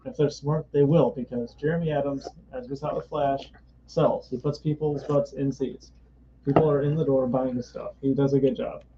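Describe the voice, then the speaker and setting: A man's voice: medium pitch, fairly even intonation, moderate pace, noisy background. A man hosting a casual comic book reading show, chatting and narrating the story in a store. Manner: chatty, reads every part aloud. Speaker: host. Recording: dull lo-fi stream audio.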